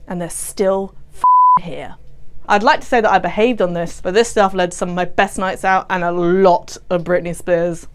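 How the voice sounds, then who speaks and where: A woman's voice: medium pitch, noisy background. A young woman hosting a cocktail tutorial, playful and cheeky, swearing freely as she talks viewers through the drinks. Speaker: bartender host.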